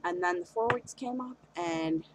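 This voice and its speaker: A woman's voice: fairly low pitch, normal speed, background noise. A young woman talking through a personal confessional vlog, hesitant and earnest, with many fillers and restarts. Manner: earnest and open about her feelings. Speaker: vlogger.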